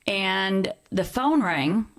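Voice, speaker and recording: Speaking extremely slowly, this middle-aged woman has an expressive, mid-range voice that's a bit bright. As a podcast guest she shares a personal story in sincere conversation, voicing the quoted lines herself.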